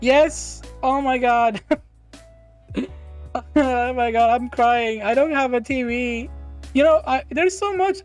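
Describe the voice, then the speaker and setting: Woman host, higher voice, excitable and giggly, chatty stream banter over faint music. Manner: bubbly, laughs often, exclaims and restarts. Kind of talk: casual livestream chat reading viewer questions.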